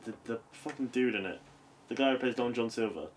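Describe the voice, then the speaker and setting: A man's voice: medium pitch, fairly quick, a crowd in the background. A man co-hosting a casual podcast, rambling and searching for words, swearing casually. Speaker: podcast co-host.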